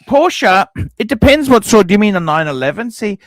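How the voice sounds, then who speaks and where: A blunt, profane middle-aged man chats casually on a livestream. His voice sits high for a man, and the sound is close and dry with no room around it. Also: very animated, normal speed, dry recording. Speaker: livestream host.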